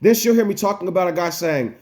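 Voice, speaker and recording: Male American vlogger, higher-pitched, upset and rambling, profane rant to camera. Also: fast talker, darkish tone. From United States. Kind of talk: emotional personal vlog rant.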